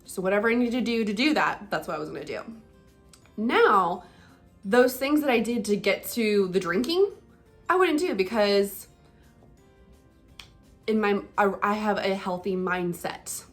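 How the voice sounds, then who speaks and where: A woman's voice: mid-range voice, animated, a little slow, pauses often. Young woman vlogger, casual, candid, chatty with lots of fillers, faint music underneath. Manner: candid, conversational, many fillers like "like" and "um". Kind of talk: casual personal vlog talk.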